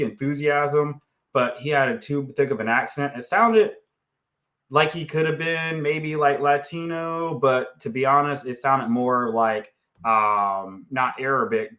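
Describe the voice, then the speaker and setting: A man's voice: mid-range voice, pushed and bright. A man hosting a live stream on real estate, talking bluntly and casually while clicking through his screens, often tagging on "okay" and "guys". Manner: blunt and unfiltered, talks while clicking around; often tags lines with okay, guys, right.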